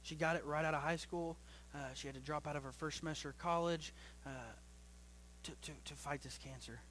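A young man preaching a sermon to his church as pastor, swinging between loud rising bursts and low quiet stretches, often repeating and restarting phrases. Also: fairly even intonation, a little fast, a little hiss or hum.

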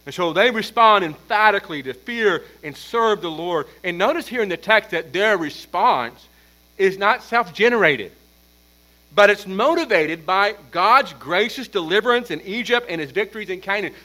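A man preaching an expository sermon as pastor, emphatic, building force on repeated points and then dropping low. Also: lively intonation, normal speed, pushed and bright, rough recording.

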